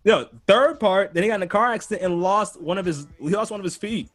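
A man co-hosting a casual podcast chat, animated and loose, swearing, laughing often and restarting his sentences. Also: high voice, fast talker. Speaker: podcast co-host.

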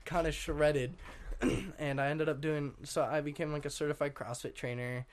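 A young man, a guest on an interview show, telling his story in a rambling, casual way, full of fillers and frequent throat clearing. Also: a little high, fairly even intonation, moderate pace. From Washington state. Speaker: guest artist.

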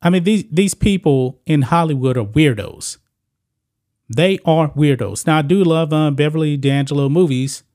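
A man's voice: fairly high pitch, moderate pace, darkish tone. A male channel host giving opinionated celebrity news commentary, blunt and moralizing, talking straight to his viewers.

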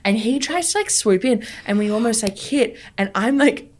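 A woman's voice: a little high, normal speed. A young woman with an Australian accent, co-hosting a casual chat podcast and telling stories with frequent laughter. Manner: animated storytelling, laughs often. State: pregnant. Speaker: podcast co-host.

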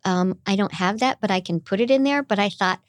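A middle-aged voice actress with a youthful, girlish voice chats animatedly as a guest in a casual interview. Her pitch is medium, her pace fairly quick, and there's no room sound.

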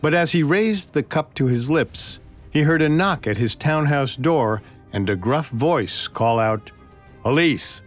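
A man's voice: on the high side, animated, unhurried, faint music behind. A man co-hosting a podcast, narrating a historical story in a dramatic, scripted way. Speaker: podcast co-host.

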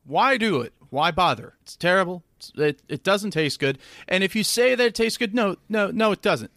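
Man, comedian guest, slightly high voice, dry close sound, deadpan, emphatic. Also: moderate pace, no echo. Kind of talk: casual comedy podcast banter.

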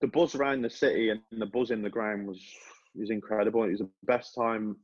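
A man's voice: lowish voice, brisk, slightly rough, no room sound, highs cut off. A man, a former footballer, talking casually as a podcast guest, telling stories with many restarts. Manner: relaxed storytelling with many restarts.

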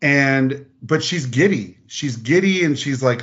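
A man's voice: on the high side, measured pace, hardly any pauses. Blunt storytelling man, muffled audio. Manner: animated retelling with quoted voices, blunt swearing. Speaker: podcast guest. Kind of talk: casual storytelling chat.

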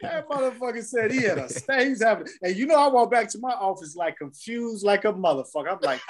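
A man's voice: high-pitched, expressive, fast talker, few pauses, a little hiss or hum. Man telling a rambling story. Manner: loose, profane storytelling with repeated "man" and "you know". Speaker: podcast co-host. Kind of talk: casual storytelling chat.

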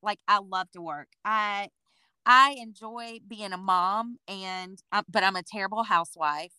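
A woman's voice: medium pitch, unhurried, smooth, dry recording. A woman in her forties, a boutique owner and interview guest, telling her story conversationally and acting out what people said. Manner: lively storyteller who acts out what people said.

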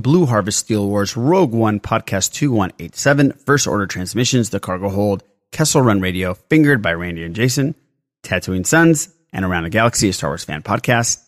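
Man, low voice, dry close mic, casual podcast host, chatty. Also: no room sound. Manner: chatty, runs through plugs and news quickly.

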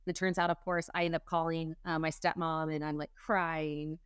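Smooth, low-pitched woman telling her story. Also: little pitch movement, normal speed, no echo, studio quality. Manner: earnest, tumbling storytelling full of quoted dialogue. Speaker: guest. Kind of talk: personal storytelling in conversation.

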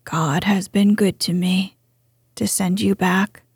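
A woman whispering as a gentle old grandfather. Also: mid-range voice, steady tone, slow pace, no room sound, clean studio sound, full character voice. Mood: tender. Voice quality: breathy whisper. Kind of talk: whispered role-play.

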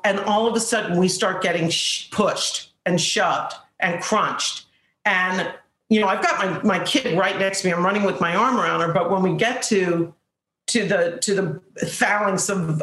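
Animated woman telling a story. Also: medium pitch, echoey room. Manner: animated storyteller, acts out quotes. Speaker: guest. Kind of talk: casual anecdote.

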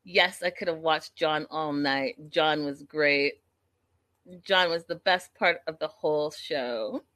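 A woman in casual chat, retelling a story in an animated way with frequent laughter. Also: low-pitched, takes it slowly. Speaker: vlogger.

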